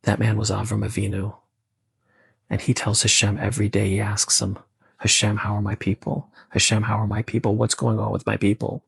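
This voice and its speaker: A man doing a grave old rabbi, gravelly. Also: lowish voice, monotone, fairly quick, no echo, heavily acted. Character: wise elderly male rabbi, grave and caring.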